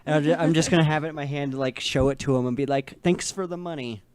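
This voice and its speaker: A man playing a tabletop game, making wry remarks at the table. His voice is smooth and resonant and sits a little high. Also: fairly even intonation, quick pace, dry recording. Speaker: player.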